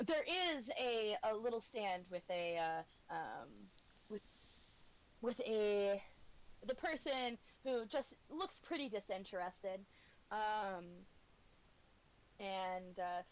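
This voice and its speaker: A woman's voice: mid-range voice, poor audio. A woman narrating a tabletop game as game master, hesitant and giggly with many fillers.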